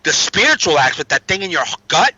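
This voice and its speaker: A man's voice: a little high, very animated, a little fast, bright, forceful tone, husky, dry recording, highs cut off. A man telling recovery stories in a casual chat, streetwise and swearing freely. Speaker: podcast guest.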